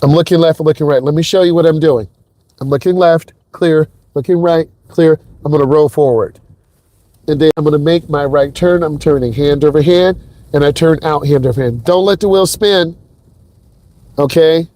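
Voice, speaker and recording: A driving instructor talks through each move from behind the wheel, hyped and speaking straight to his viewers. His voice sits a little high for a man and sounds close and dry, with no room echo around it. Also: normal speed, warm tone. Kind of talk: live driving lesson commentary. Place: inside a car while driving.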